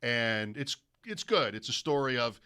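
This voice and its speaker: In casual studio chat, a male sports radio host spins a long anecdote, animated and imitating broadcaster calls. His voice is mid-range and smooth, moving at a measured pace.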